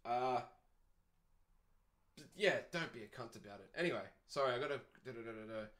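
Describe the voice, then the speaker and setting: A man's voice: mid-range voice, lively intonation, brisk, a bit bright. A man in his twenties with an Australian accent, hosting a podcast and ranting in a sardonic, profane way. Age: 20s. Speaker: podcast host. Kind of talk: casual podcast rant.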